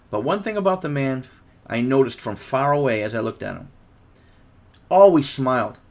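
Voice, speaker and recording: A man's voice: medium pitch, creaky. Rambling middle-aged male storyteller. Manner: rambling, laughs as he tells it. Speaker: vlogger. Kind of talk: casual storytelling.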